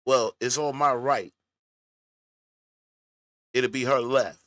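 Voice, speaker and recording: A man's voice: mid-range voice, slow pace, fairly bright tone, no room sound, studio quality. A man hosting casual reaction commentary, talking folksy and straight to his viewers. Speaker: commentary host.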